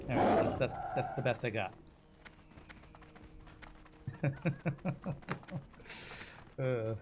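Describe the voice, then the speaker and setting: A man's voice: mid-range voice, steady tone, slow pace, noisy background. Chatty, jokey male streamer. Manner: chatty, jokey, self-deprecating. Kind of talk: casual chat while playing a game.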